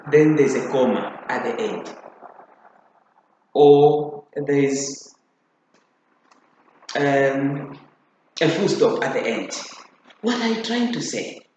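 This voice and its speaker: A teacher leads a grammar lesson at an unhurried pace, repeating each key point and stopping to check that the class is following. The recording is heavily echoey, as if made in a bare room, with a faint noise underneath. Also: mid-range voice, a little mellow. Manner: repeats key phrases for emphasis; addresses students directly with checking questions.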